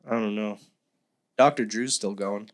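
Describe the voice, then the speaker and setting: A man's voice: fairly low pitch, steady tone, measured pace. A man co-hosting a casual podcast, swearing and acting out quotes in silly voices. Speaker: podcast co-host. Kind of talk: casual chat.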